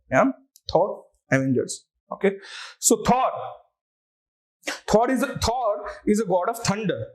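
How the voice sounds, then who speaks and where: A man's voice: high-pitched, darkish tone. A man with an Indian English accent, teaching an online language lecture and patiently spelling words out letter by letter.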